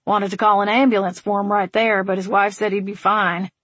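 A woman voicing a wry, patient man with a dry, steady, gently teasing manner. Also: mid-range voice, brisk, no echo, close to an everyday voice.

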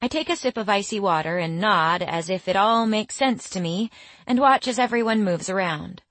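A young woman narrating a first-person story in a measured, quietly bemused way, in a studio. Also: medium pitch, no room sound. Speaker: audiobook narrator.

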